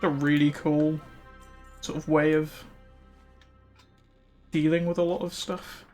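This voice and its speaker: A man's voice: fairly high pitch, little pitch movement, takes it slowly, a little mellow. A male streamer chatting casually while he plays, rambling with lots of fillers. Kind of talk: casual chat while gaming. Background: faint music.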